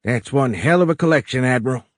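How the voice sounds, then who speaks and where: A brash, folksy older president with a nasal Midwestern accent, as a male audiobook narrator puts him on. His voice sits higher and louder than the narrator's own. The sound is close and dry. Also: animated, fast talker, no echo, close to an everyday voice. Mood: brusque, jovial. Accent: Midwestern American. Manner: brash, folksy and plain-spoken.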